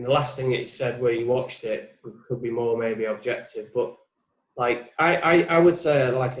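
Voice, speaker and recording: Reflective man in his forties, roomy sound. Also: medium pitch. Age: 40s. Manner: reflective, thinking aloud, muses with questions. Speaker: putting coach, guest. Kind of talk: casual coaching conversation. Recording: roomy echo.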